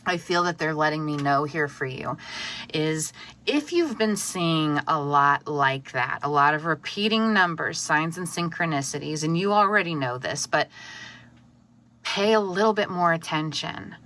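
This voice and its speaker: A woman giving an intuitive tarot reading to camera, earnest and soft-spoken, with many pauses and fillers. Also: low-pitched. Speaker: tarot reader.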